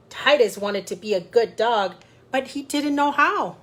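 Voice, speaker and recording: High-voiced woman, unhurried storytime librarian. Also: expressive, a bit bright. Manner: chatty, talks directly to young children. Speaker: children's librarian. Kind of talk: storytime read-aloud.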